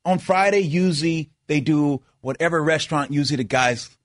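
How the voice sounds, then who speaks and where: Emphatic former player, high voice. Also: male voice, fairly quick, dry recording, studio quality. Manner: emphatic, repeats himself, restarts often. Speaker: former basketball player turned analyst. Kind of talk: animated sports talk banter.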